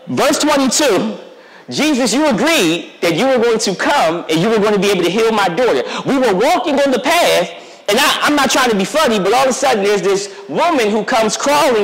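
A man's voice: high-pitched, lively intonation, normal speed, fairly bright tone. A man, a youth pastor, preaching a conversational sermon to the congregation and speaking directly to them, now and then acting out the voices of Bible figures. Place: church sanctuary. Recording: long reverb of a church sanctuary.

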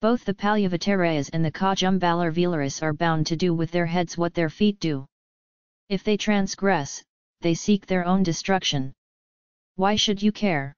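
In an audiobook, a woman with a fairly low, clear, resonant voice plays a bold, anxious young princess urgently questioning her father, speaking at normal speed and lightly acted. The recording is dry and slightly dull, with a lo-fi quality.

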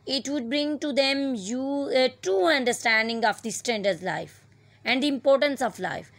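Higher-voiced woman teaching a lesson, dry sound. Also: a bit bright, no room sound. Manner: slow, deliberate reading with fillers. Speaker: English teacher. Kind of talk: online lecture, reading aloud and explaining vocabulary.

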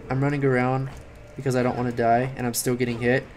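A tired young man giving late-night game commentary, rambling, swearing and yelling at the game. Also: mid-range voice, flat delivery, quick pace, slight background noise. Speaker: gaming commentator.

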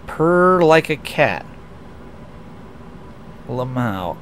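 Over a little hiss or hum, a young American VTuber chats casually during a racing game stream, reading chat out loud. His fairly high, fairly bright voice is animated and moves at normal speed, and he rambles with frequent restarts and self-deprecating remarks.

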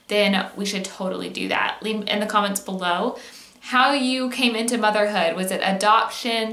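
A woman's voice: medium pitch, a bit bright, reverberant. A woman, chatting candidly to camera as a mom vlogger, with lots of fillers and easy laughter. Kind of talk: casual chat to camera.

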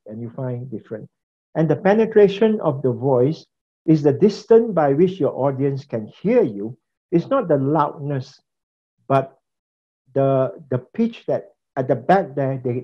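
Man, preaching instructor, classroom lecture, conversational, repetitive phrasing, medium pitch, slightly lo-fi audio. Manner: conversational, repeats phrases, asks the class questions. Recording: slightly dull lo-fi recording.

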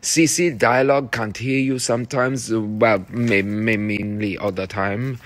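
A man's voice: on the low side, fairly even intonation, a little slow. A theatre director, a man, reading rehearsal notes to his cast, encouraging and fond of repeating phrases.

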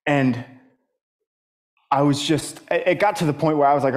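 A young man speaking in church, giving a personal testimony sermon in a halting way with many fillers and restarts. He climbs higher and grows more emphatic as he gets stirred.

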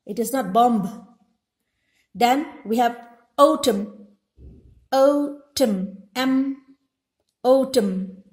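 A woman teacher giving a classroom lesson, speaking deliberately and spelling words out letter by letter. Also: a little high, mellow. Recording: echoey room.

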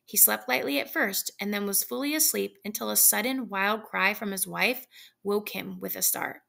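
A woman reading a classic short story aloud in a measured storytelling manner. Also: medium pitch, gravelly, sharp tone. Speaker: reader.

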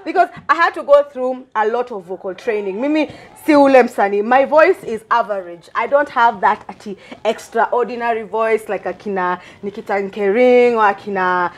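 A woman hosting a casual talk show interview, bubbly and quick to laugh, mixing English with Swahili slang. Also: on the high side.

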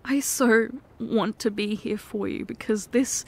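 A woman in a whispered role-play, speaking as a caring girlfriend. Her voice sits fairly high and moves slowly, tender and pleading, often dropping to a soft hush. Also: breathy edge. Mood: apologetic. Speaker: ASMR performer.

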